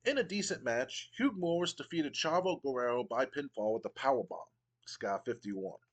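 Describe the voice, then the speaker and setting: A man's voice: medium pitch, expressive, moderate pace, poor audio. A man casually narrating his wrestling game playthrough, rambling with frequent ums and restarts. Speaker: game streamer.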